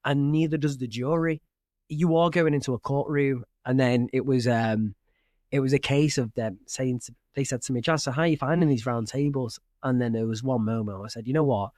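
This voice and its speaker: A man's voice: mid-range voice, a little fast, darkish tone, no echo, studio quality. A British man, a podcast guest, recounting his time on a game show in candid, storytelling fashion. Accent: British English. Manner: candid storytelling, dramatic retelling with asides. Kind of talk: casual interview chat.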